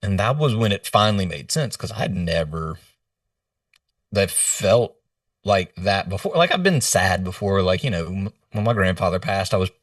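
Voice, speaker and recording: Man, low voice, earnest halting storyteller, dry distant video-call sound. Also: expressive, no room sound. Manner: earnest, halting retelling with quoted dialogue. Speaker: leadership coach. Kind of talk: podcast interview storytelling.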